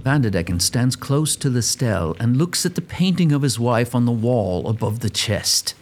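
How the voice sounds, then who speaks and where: A man's voice: mid-range voice, expressive, moderate pace. A man narrating an audio drama in a storytelling manner.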